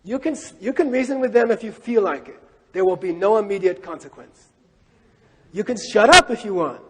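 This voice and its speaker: Male Buddhist teacher, lively lecture style, repeats key lines, husky tone. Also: sits high, moderate pace. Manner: animated, rhetorical questions and repetition. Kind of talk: lecture on scripture. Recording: long hall reverb.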